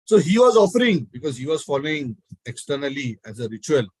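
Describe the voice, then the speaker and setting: A man telling a devotional story in a talk, animated and acting out the characters. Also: a little high, brisk, slightly rough, no room sound, low-quality recording. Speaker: spiritual speaker.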